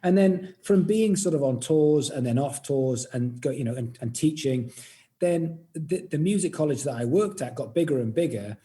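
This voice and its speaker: A man's voice: fairly high pitch, lively intonation, normal speed, dark tone. A middle-aged Welsh man with a Welsh accent, a music educator talking modestly as an interview guest, laughing often. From Wales. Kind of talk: casual interview chat.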